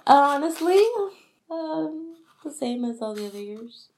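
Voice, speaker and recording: A woman's voice: high voice, unhurried, darkish tone. A woman in her thirties co-hosting a casual podcast, bantering and laughing often. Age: 30s. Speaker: podcast co-host. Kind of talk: casual chat.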